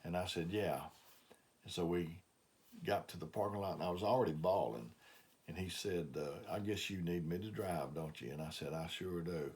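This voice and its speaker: Older southern guy from alabama preaching, real low voice, folksy story-style with lots of uh's. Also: normal speed, a little mellow. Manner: plain folksy storytelling, frequent "uh" fillers. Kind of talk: testimony sermon.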